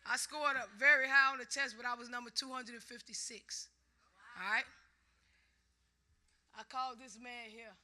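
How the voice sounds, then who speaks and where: A middle-aged woman ironworker giving a speech at a conference, telling lively stories and acting out the voices of people she quotes. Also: on the high side, normal speed, pauses often. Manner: lively storytelling, acts out quoted voices, laughs often. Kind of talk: speech to a live audience. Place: conference hall.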